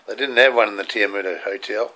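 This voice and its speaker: A man's voice: on the low side, fast, sharp tone. An older man with an Australian accent, telling rambling, earnest stories from his childhood. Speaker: storyteller. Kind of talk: personal childhood storytelling.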